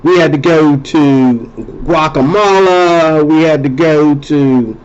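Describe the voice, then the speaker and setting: A man hosts a loose, rambling monologue, speaking slowly in a somewhat high voice. He talks conversationally, often circling back to repeat or restart phrases. The recording sounds muffled.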